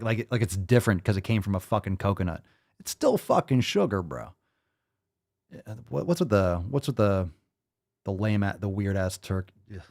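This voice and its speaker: A man hosting a live fitness Q&A stream, talking in a profane, ranting and energetic way. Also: fairly low pitch. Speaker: fitness show host.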